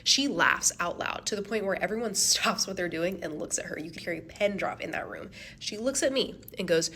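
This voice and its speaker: A woman nurse telling a storytime to camera, animated, with casual slang, acting out what people said. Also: lowish voice, fast, few pauses, slight background noise.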